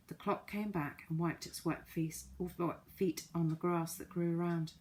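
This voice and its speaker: A woman narrating a children's story in a calm, even storytelling manner. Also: on the low side, unhurried, few pauses, slight background noise. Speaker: audiobook narrator.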